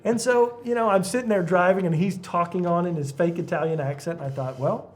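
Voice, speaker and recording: A middle-aged man, a youth pastor, telling stories in a casual podcast chat, lively and laughing often. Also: sits high, a little fast. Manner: animated storyteller, laughs often.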